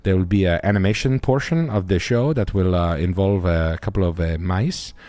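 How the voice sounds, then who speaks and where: A man putting on a halting foreign character who speaks broken English full of hesitations. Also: low-pitched, mellow, no room sound, lightly acted. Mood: deadpan. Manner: slow broken English, constant ums. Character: halting foreign man with a French guy bit.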